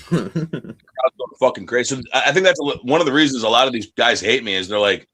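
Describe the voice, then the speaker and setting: A man's voice: mid-range voice, normal speed, long pauses, fairly bright tone, husky. A man from the United States, an independent wrestler, talking in a casual interview, brash and profane, acting out other people's voices in his stories.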